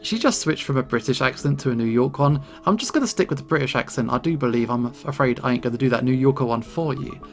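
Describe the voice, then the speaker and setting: A man's voice: medium pitch, lively intonation, fast, hardly any pauses, natural voice. A man voicing a cheeky, clowning teenage girl who hams it up with silly accents, with faint game music behind. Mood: hammy.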